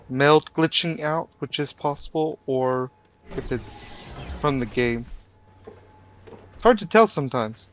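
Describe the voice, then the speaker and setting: A man's voice: mid-range voice, slight background noise. A man streaming a game live, chatting casually and teasing his viewers. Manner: joking, teasing chat, mock British phrases. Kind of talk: casual live gameplay commentary.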